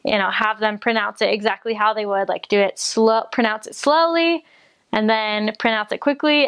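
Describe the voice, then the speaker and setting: A woman's voice: medium pitch, clean tone. A young woman from the United States, talking casually about her mission, chatty and giggly with many fillers. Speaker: returned missionary. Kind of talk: casual chat.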